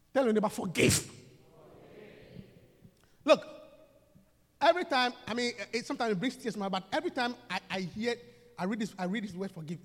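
Casting note: male pastor, high lively voice, call-and-response sermon, long church-hall reverb. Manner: call-and-response preaching, swings from soft to shouting.

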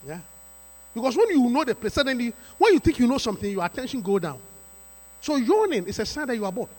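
A pastor delivers his sermon in a strikingly high, animated voice with a bright, forceful edge. He repeats his points with emphasis and breaks into sudden shouts. The sound rings with the long reverb of a church hall. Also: fast talker. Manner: emphatic, repetitive preaching with rising shouts. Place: church sanctuary.

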